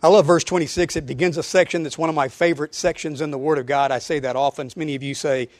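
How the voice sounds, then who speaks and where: A man preaching a sermon to his church, emphatic, with rhetorical questions and sudden drops to quiet asides. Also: on the high side, fairly even intonation, fast, few pauses, no echo, clean studio sound. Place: church auditorium.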